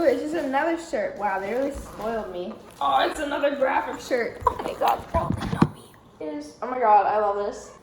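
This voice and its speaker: A bubbly young woman with a fairly high voice talks through an unboxing at an easy, unhurried pace. She chats casually and playfully, now and then turning to tease her cat. The recording sounds roomy and echoey, with a faint hiss underneath. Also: expressive. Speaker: fashion vlogger.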